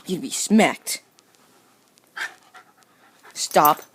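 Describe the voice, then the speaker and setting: A woman's voice: low-pitched, animated, extremely slow, fairly bright tone, slight background noise. A woman talking casually to her pet dog in a home video, teasing and scolding it over and over, with playful growls. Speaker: dog owner.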